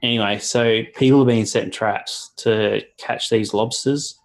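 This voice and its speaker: A man with an Australian accent in a casual online chat, swearing often and pausing with fillers. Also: lowish voice, steady tone, poor audio. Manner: swears a lot, halting with fillers. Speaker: guest.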